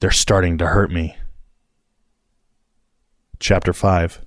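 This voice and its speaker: A man narrating a novel in the first person, with a measured, wry delivery. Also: sits low, flat delivery, no room sound, studio quality. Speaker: audiobook narrator.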